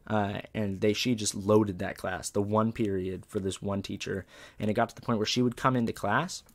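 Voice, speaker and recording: Gravelly laid-back man telling stories. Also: lowish voice, steady tone, normal speed. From Southern California. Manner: laid-back, profane, heavy on "like" and "dude". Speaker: comedian guest. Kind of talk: casual comedic storytelling.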